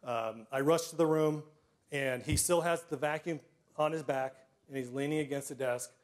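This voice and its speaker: A middle-aged man telling personal stories to a live audience, self-deprecating, with comic timing and frequent throat clearing. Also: fairly high pitch, steady tone, normal speed. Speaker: storyteller.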